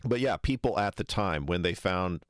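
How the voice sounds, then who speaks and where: Male stream host, low and dry-sounding, wry and halting, lots of ums. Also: animated, no echo. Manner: hesitant, many ums, wry and skeptical. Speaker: history channel host reacting to a lecture. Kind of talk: casual livestream commentary.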